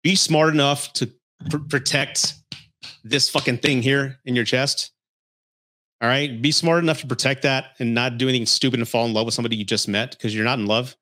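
A man's voice: mid-range voice, fairly even intonation, brisk, bright, forceful tone. Profane, heated male podcast host. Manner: blunt and profane, laughs often; heated, scolding delivery. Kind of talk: casual dating-advice rant.

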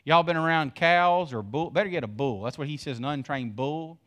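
Preacher with a high voice. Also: male voice, moderate pace, few pauses, fairly bright tone. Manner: folksy, preaching with call-and-response questions and swells in volume. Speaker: pastor. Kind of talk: sermon.

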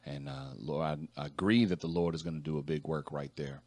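Deep-voiced man hosting a dry radio studio. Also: brisk, no echo. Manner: relaxed, with many fillers and restarts, murmurs agreement. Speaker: radio show host. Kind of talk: casual radio talk.

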